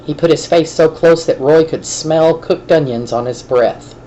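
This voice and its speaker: Low-voiced woman teacher reading aloud. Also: unhurried, mellow, dull audio. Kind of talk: classroom read-aloud of a novel.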